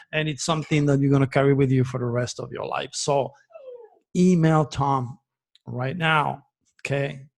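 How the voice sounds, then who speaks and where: Middle-aged French-born male astrologer host, husky and a touch high, chatty storyteller. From France. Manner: chatty, storytelling, repeats words; coos softly to his dog. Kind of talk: casual chat to viewers.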